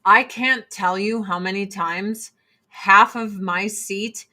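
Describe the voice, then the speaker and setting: A woman's voice: mid-range voice, fairly even intonation, slow, bright, forceful tone. A woman vlogger ranting to camera in a blunt, profane, exasperated way while doing her makeup. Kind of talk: casual ranting chat to camera.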